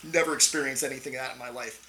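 A middle-aged man, a podcast guest and Navy veteran, telling a story in a casual interview, animated, swearing freely and tossing in "right?" often. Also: medium pitch, rapid-fire, rough recording.

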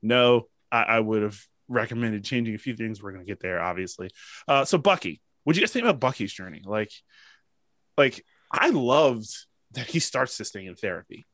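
A man's voice: on the low side, moderate pace, dry recording. A man hosting a casual podcast chat, telling stories emotionally with lots of fillers. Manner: emotional, animated storytelling with many fillers. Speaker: podcast host.

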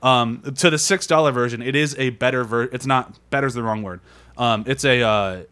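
A man hosting a casual podcast, talking excitedly and laughing often. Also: medium pitch, normal speed, clean tone. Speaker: podcast host.

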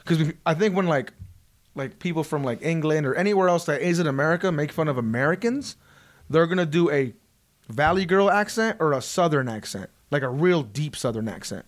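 Podcast guy with a super lively up and down voice, swears a lot, laughs a bunch. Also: fairly high pitch, a little fast. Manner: animated, laughing, profane. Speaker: podcast host. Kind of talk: casual chat.

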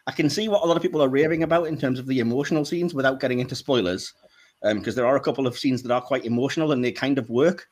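Man, middle pitch, slightly hoarse, wry, laughs a lot, podcast chat. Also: very fast, darkish tone. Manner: candid, laughs often, wry. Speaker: podcast co-host.

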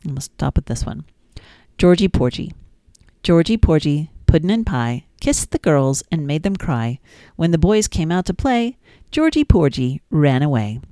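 Woman, low voice, warm mellow tone, sing-song nursery rhyme reading, dry close sound. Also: sing-song, unhurried, clear, resonant tone, dry recording. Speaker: children's podcast host.

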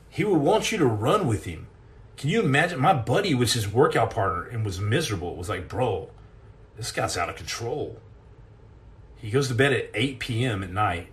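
A man, a former Navy SEAL, hosting a live stream and telling comic stories in an animated, self-mocking way. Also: medium pitch.

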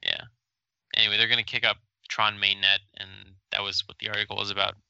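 A man's voice: fairly low pitch, flat delivery, fast talker, creaky, dull audio, heavy background noise. A man who moved to the country as an adult, co-hosting a casual podcast in a laid-back, hesitant way. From abroad, moved to the US. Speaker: podcast co-host. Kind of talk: casual chat.

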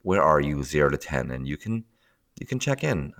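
A man's voice: very deep voice, moderate pace. A man casually explaining emotional tapping in conversation, often laughing and acting out what people think to themselves. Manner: animated, laughs often, acts out inner voices. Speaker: tapping teacher, podcast guest.

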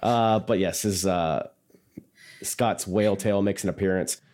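A man's voice: deep voice, fairly even intonation, a little slow, a little mellow. A man co-hosting a casual podcast, rambling through a wrestling recap, self-mocking and laughing easily. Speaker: podcast co-host.

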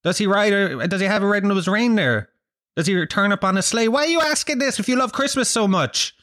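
A man's voice: sits high, lively intonation, a little fast, fairly bright tone, no room sound, studio quality. A man ranting in a casual vlog, sweary and sardonic. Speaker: vlogger. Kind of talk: casual rant to camera.

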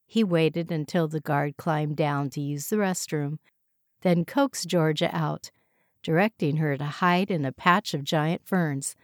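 A woman with a fairly low voice reads a story aloud, calm and measured. The sound is dry and close, with no room around it. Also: no echo. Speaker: narrator. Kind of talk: audiobook story narration.

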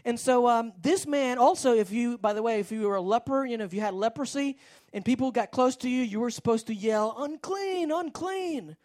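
A woman's voice: a little high, brisk, darkish tone. A woman preaching a sermon, telling a story in a rambling way with frequent restarts.

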